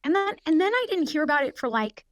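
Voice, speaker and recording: Chatty woman with a fairly high voice. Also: big pitch swings, no echo. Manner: chatty, fast storytelling with frequent "like". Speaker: guest. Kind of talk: casual anecdote telling.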